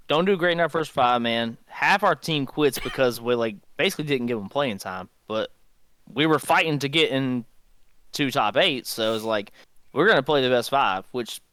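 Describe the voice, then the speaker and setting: A man's voice: mid-range voice, normal speed, fairly bright tone, clear, resonant tone, no room sound. A man telling old stories in a casual podcast chat, laid-back and drawling. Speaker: podcast co-host.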